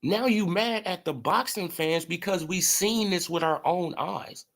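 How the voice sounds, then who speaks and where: A man with a high, somewhat bright voice talks at a measured pace as he hosts relaxed boxing commentary live. He's profane and mocking, laughing frequently and answering his chat.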